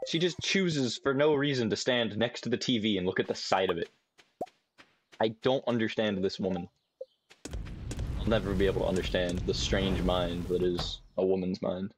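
A man's voice: low-pitched, normal speed, slight background noise. A young man streaming a farming game, chatting casually and rambling to himself with lots of swearing. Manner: profane, rambling, talks to himself. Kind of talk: casual gameplay commentary. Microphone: desk mic with webcam.

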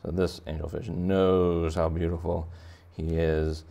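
Man, deep and gravelly, for a playful kids' drawing tutorial; casual and jokey. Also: flat delivery, a little slow, warm tone. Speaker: art teacher. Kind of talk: drawing lesson for kids.

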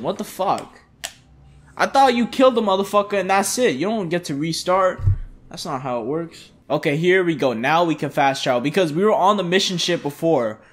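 A young man commenting on his own gameplay in loose slang, excitable and swearing constantly. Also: high-pitched, a little hiss or hum. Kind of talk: casual let's-play commentary.

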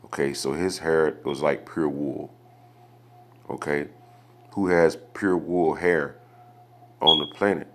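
A man's voice: rumbling low, steady tone, takes it slowly, pauses often, fairly bright tone, slight background noise. A man teaching a Bible study, reading verses aloud and explaining them, often asking rhetorical questions and checking in with "okay?". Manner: asks rhetorical questions, adds "okay?" after points; reads scripture aloud and explains it.

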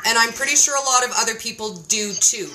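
A woman hosting a casual chat, telling stories in an animated, playful way and acting out quotes. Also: a little high, fast talker, a little hiss or hum, poor audio. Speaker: host.

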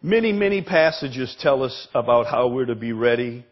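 A man preaching a sermon as pastor, emphatic, repeating words and asking the congregation questions, with a husky voice. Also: mid-range voice, lively intonation, moderate pace, muffled recording. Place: church sanctuary.

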